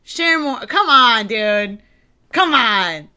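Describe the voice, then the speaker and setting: A young adult woman co-hosting a casual podcast, animated and jokey, slipping into playful baby talk. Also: a little high, very slow, clean tone. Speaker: podcast co-host.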